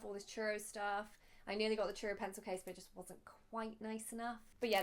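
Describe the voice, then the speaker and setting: A young woman with a lilt chats through her shopping haul for her viewers. She gushes over each item in a casual, chatty way and gets emotional easily. Her voice sits at an ordinary middle pitch. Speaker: vlogger.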